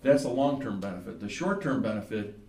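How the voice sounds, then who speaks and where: A man's voice: fairly low pitch, lively intonation, a little mellow. Man speaking from far off in a roomy seminar hall. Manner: folksy joke-telling, then brisk sales explanation. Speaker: insurance company speaker at a seminar. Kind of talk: seminar talk with jokes. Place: seminar room at a breakfast event.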